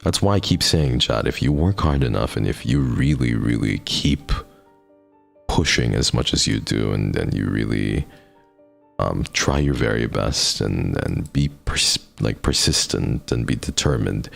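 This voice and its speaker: A man's voice: rumbling low, lively intonation, measured pace, gravelly, a bit bright, soft background music. A man streaming live in casual chat, talking to his viewers in an affectionate, encouraging pep-talk way. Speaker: livestreamer.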